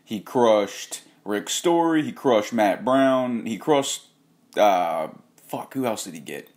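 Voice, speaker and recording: A man with a slightly low voice hosting a loose vlog rant. He swears freely, trails off, and keeps correcting himself mid-thought. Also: expressive, takes it slowly, a little mellow. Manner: profane, rambling, self-correcting. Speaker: host.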